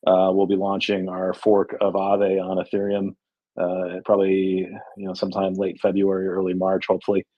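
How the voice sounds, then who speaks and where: A man chatting casually in an online audio room, halting with lots of fillers, bantering easily. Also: low voice, completely flat delivery, lo-fi sound. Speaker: guest describing his DeFi project.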